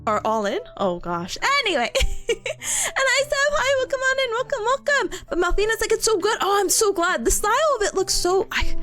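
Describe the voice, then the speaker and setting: A young woman chats on a livestream in a bubbly, giggly, rambling way. Her voice sits very high and swoops all over the place as she greets her viewers. Faint music plays underneath. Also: sing-song, normal speed, fairly bright tone. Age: young adult. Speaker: streamer. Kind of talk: casual livestream chat.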